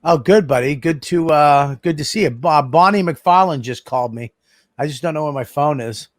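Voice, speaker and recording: A man's voice: a little high, moderate pace, dry recording, clean studio sound. Rambling man with a raised voice. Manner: rambling, full of "you know" and "man". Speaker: podcast co-host. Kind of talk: casual comedy podcast banter.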